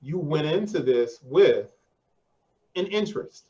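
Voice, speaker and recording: A male interview host with a slightly high voice who chats loosely and slangily. His voice comes through a somewhat dull, lo-fi recording. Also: lively intonation, slow, warm tone. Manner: slangy and conversational, says 'yo' and 'man'. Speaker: podcast host. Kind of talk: casual interview.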